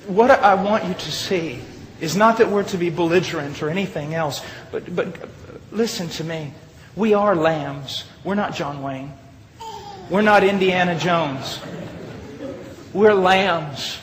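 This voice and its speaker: A man preaching a sermon with dramatic storytelling, rising loud and then dropping to a hush. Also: sits high, unhurried. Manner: dramatic storytelling, swings between loud rises and hushed drops. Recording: long hall reverb, faint noise.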